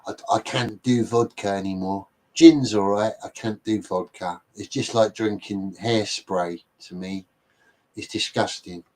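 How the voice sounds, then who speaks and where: An English man hosts a relaxed livestream and chats with his viewers in a rambling, blokey way. His voice sits a little low, and he pokes fun at himself as he goes. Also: measured pace. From England. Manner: rambling, self-deprecating, blokey. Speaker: livestream host. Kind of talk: casual chat with viewers.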